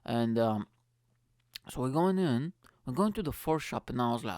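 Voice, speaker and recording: A man's voice: mid-range voice, animated, moderate pace, long pauses, darkish tone, dry recording. A man hosting his own podcast, telling comic stories casually, swearing freely and calling listeners "mate". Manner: chatty, swears freely, says "mate" a lot. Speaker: podcast host. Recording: dry close-miked voice.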